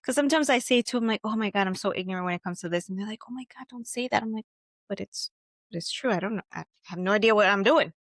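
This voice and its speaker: Animated woman telling stories in chat. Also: mid-range voice, fast talker, no echo, clean studio sound. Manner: animated storyteller, acts out quotes, laughs. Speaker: podcast co-host. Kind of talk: casual chat.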